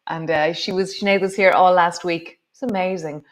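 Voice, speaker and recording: A woman's voice: on the low side, fairly even intonation, moderate pace. A woman teaching a guided yoga and meditation class, chatty and rambling with many fillers, her voice slightly wobbly. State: voice slightly wobbly from strong scent.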